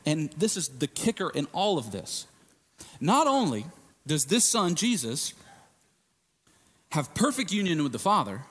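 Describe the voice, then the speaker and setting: A man preaching a sermon in a casual, emphatic way, swinging from hushed lines to shouted ones. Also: sits high, big-room sound.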